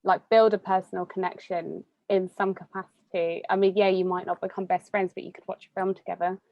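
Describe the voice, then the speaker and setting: A woman's voice: mid-range voice, little pitch movement, fairly quick, no echo. Chatty young woman, dry muffled sound. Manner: chatty, laughs often, many fillers. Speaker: interviewee. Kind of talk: casual conversation.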